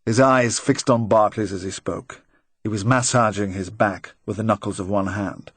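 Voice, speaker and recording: A man narrating a crime novel in a measured, even reading. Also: fairly low pitch, breathy edge, no echo. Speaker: audiobook narrator. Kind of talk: scripted narration.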